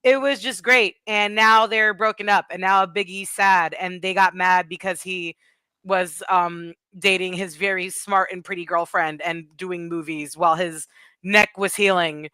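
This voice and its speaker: Woman rambling on about wrestling, bright clean voice, no room sound at all. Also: fairly low pitch, steady tone, unhurried, clean tone, no room sound. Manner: gushing, rambling fan talk. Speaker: podcast guest. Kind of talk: casual chat.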